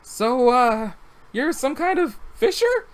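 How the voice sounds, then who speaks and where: A man's voice: very high voice, big pitch swings, takes it slowly, voice pushed up, full character voice. A man doing a jittery young rat-person. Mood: nervous. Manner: hesitant, stammering, chatty. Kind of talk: reading a text game aloud.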